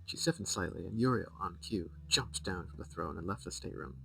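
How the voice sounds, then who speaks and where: A man's voice: sits low, a little fast, gravelly, a bit bright, distant mic, rough recording. A man streaming a game, reading a book from it aloud and breaking off into amused, rambling asides.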